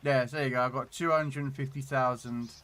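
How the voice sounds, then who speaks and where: A man's voice: medium pitch, fairly even intonation, fairly quick, a bit bright. A man streaming a tank game, chatting casually and rambling as he repeats words while thinking aloud, on a desktop condenser mic. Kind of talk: casual gameplay commentary.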